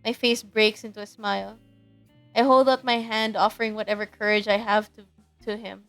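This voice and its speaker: A woman's voice: medium pitch, level tone, normal speed, faint music behind. Giggly woman streamer reading a game. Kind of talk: reading a dating game aloud.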